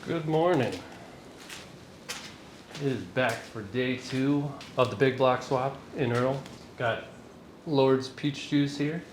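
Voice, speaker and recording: A man's voice: mid-range voice, slow pace, long pauses, slight background noise, rough recording. A man chatting to the camera while working on a truck in his garage, casual and joking. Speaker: vlogger wrenching on a truck. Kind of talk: casual workshop vlog. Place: home garage or shop.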